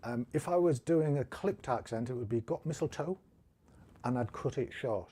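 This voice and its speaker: A man's voice: medium pitch, normal speed, warm tone, breathy edge. A man with a Teesside accent from northeast England, teaching a casual live-streamed guitar lesson, chatting and thinking aloud, with a self-deprecating manner. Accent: Teesside English.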